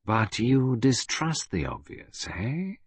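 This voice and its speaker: A man voicing a calm, sinister criminal agent who talks slowly and coolly. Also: mid-range voice, breathy edge, dry recording. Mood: calm menace. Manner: calm, unhurried.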